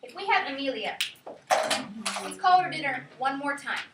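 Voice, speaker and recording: Woman teacher, high voice, sing-song on key words, echoey room, distant mic. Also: expressive, moderate pace, very noisy. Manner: sing-song calling out of words to mark syllable stress. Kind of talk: classroom teaching. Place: classroom. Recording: echoey classroom, mic far off.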